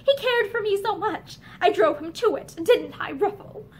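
A woman's voice: very high voice, expressive, normal speed. A woman reading aloud voices a distraught young woman full of remorse, pleading and close to sobbing. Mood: remorseful. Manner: emotional, pleading, breaking into sobs.

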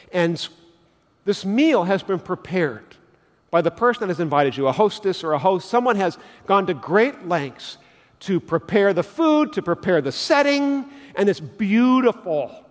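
A pastor preaching in a church sanctuary, his high, lively voice swinging up and down as he acts out everyday scenes. Long reverb from the room trails after each phrase. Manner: animated storytelling, acting out little scenes. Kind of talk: sermon.

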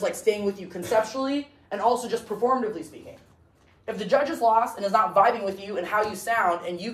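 A woman's voice: on the high side, recorded from a distance. Blunt, chatty young woman lecturing. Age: young adult. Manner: blunt, chatty, full of "like" and "okay?". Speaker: debate coach lecturer. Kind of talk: casual classroom lecture. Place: classroom. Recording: roomy classroom, voice from across the room.

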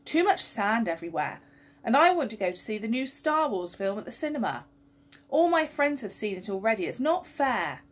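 A woman voicing a stubborn, sulky schoolboy in a storybook reading, with a breathy voice. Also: a little high, big pitch swings, moderate pace. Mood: grumpy. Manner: snappy, sulky.

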